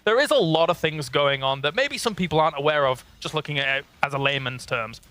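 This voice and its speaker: A bright-toned man hosts an esports analysis desk. His voice is a bit high for a man, and he keeps the panel moving with questions and short agreements. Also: lively intonation, fast talker.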